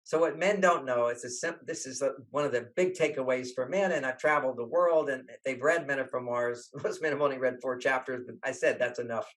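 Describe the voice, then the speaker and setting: An older relationship author tells animated interview stories, slipping into the voices of those he quotes. His voice sits mid-range, and he talks a little fast with barely a pause. The recording quality is poor.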